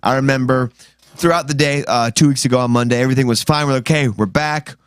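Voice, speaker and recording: Man co-host, casual banter, swears a lot, mid-pitched voice, dry close mic. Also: fast, clear, resonant tone, no echo. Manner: profane, joking, energetic banter. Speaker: podcast co-host. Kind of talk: casual podcast chat.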